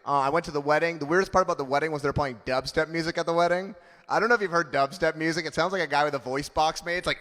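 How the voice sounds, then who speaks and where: Man, 30s, stand-up comedian, self-mocking, punchy timing, somewhat high voice, long stage reverb. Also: steady tone, rapid-fire, fairly bright tone, faint music behind. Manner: punchy, self-mocking delivery with acted-out quotes.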